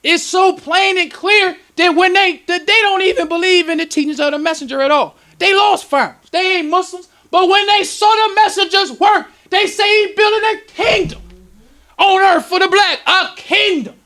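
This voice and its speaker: A man, a minister, preaching a lecture at a temple in an excitable, emotional way, breaking into sudden shouts. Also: very high-pitched, normal speed.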